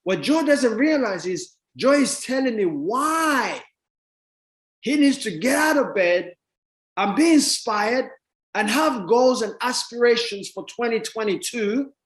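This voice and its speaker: A man giving a motivational talk to an audience, telling a story with emphatic, rising delivery that builds to near-shouts. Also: extremely high pitch, lively intonation, slow pace, roomy sound. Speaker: motivational speaker.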